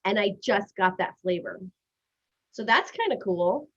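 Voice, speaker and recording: A chatty woman hosts a casual live stream, rattling on quickly and laughing at herself. Her pitch sits mid-range, and the stream audio is a little dull and lo-fi. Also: animated, fairly bright tone. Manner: fast, chatty, self-deprecating, giggly. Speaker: host.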